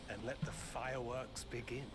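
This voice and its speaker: An actor playing a calm, clipped adult male spy who gives terse mission updates. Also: medium pitch, normal speed, lightly acted. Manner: terse, steady mission talk. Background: loud game music.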